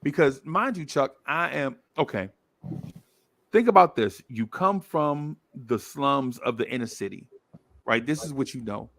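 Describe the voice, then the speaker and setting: In a relaxed podcast conversation, a man tells a story with real energy, doing the voices of its characters and repeating himself for emphasis. His voice sits in the middle range, moves a little slowly, and has some vocal fry.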